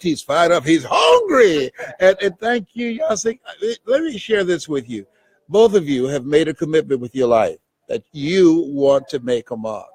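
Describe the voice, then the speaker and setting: A man's voice: fairly high pitch, breathy edge, no room sound. A motivational speaker addressing his audience in a preacherly, rhythmic way, driving his points home through emphatic repetition. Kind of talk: motivational speech.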